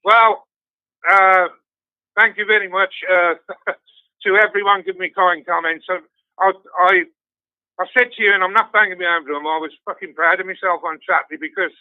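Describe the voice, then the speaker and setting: A man's voice: sits high, clear, resonant tone, dry recording. An older man in casual chat, telling stories with lots of swearing and laughter. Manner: swears constantly, storytelling with laughs. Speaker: guest fan. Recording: dry tinny phone line.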